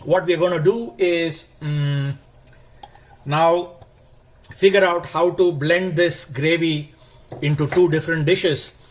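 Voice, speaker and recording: A man with a fairly high-pitched voice walks viewers through a recipe at the stove. He explains each step calmly and drawn out, leaning on words for emphasis. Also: slow pace, long pauses. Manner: calm, step-by-step instructional. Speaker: cooking channel host. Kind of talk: cooking demonstration.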